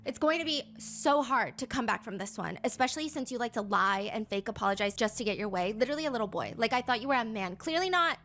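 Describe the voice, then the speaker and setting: Woman with a slightly high voice narrating true crime, swears a lot, reads out texts. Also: expressive, quick pace, few pauses, a bit bright. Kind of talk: reading true crime narration with text quotes.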